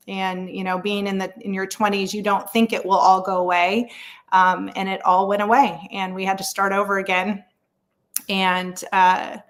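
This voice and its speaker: A woman's voice: medium pitch, fairly bright tone. A woman in her thirties talks candidly as an interview guest. She speaks in a frank, chatty way and tells her story with lots of fillers and easy laughter. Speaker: real estate agent guest.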